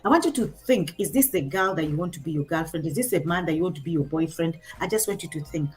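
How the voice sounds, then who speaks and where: Animated Kenyan woman telling a story. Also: low voice, fast talker, soft background music. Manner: animated, acts out quotes in her story. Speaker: guest sharing a parenting story. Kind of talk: storytelling in a conversation.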